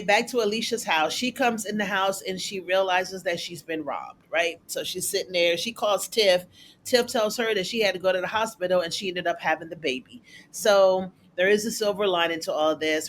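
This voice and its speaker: A TV recap reviewer who chats casually through an episode. They talk in a loose, colloquial way and jump up in pitch when acting out the characters' lines. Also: fairly even intonation, normal speed, fairly bright tone, a little hiss or hum. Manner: chatty, colloquial, acts out characters' lines in a raised voice.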